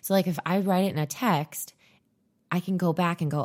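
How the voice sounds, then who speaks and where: A woman's voice: low voice, a little fast, darkish tone. A woman in her thirties co-hosting a podcast, telling stories in a dry, self-mocking casual chat. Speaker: podcast co-host.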